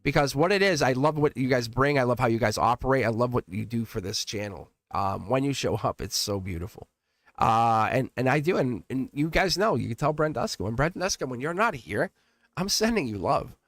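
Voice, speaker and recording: A man's voice: mid-range voice, expressive, fairly quick, no room sound. Effusive rambling man hosting a live tarot stream. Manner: effusive and rambling, with frequent restarts and laughs. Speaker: live tarot reader and channel host. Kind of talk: live-stream chat to viewers.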